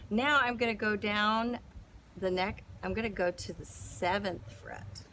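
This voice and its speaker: A woman's voice: medium pitch, a little slow, fairly bright tone, slight background noise. A woman giving a casual guitar lesson, explaining chords in a chatty, rambling way with plenty of fillers. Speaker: guitar teacher and singer. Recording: guitar playing behind her.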